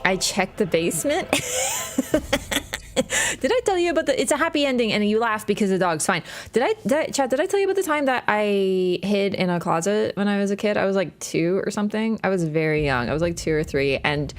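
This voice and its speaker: A gaming livestreamer with a medium-pitched, animated voice talks a little fast. She rambles and jokes with her viewers in casual stream chat, swearing all the while.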